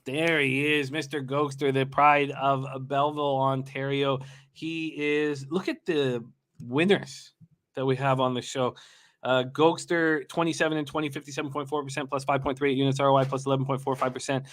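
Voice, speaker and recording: A man hosting a live sports betting show, rattling off betting lines quickly and hyping up his guests. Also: medium pitch, level tone, a bit bright. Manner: rapid-fire reading of betting lines.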